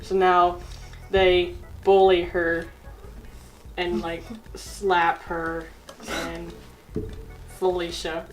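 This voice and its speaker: A woman's voice: on the low side, completely flat delivery, very slow, long pauses, soft background music, poor audio. A young woman casually telling an improvised silly story, giggling and using lots of fillers. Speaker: co-host storyteller.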